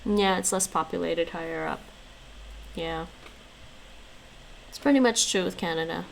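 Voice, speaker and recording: A woman's voice: on the low side, unhurried, gravelly, slight background noise, poor audio. A woman livestreaming at home, chatting casually and answering her viewers' messages aloud while she studies languages, with frequent laughs.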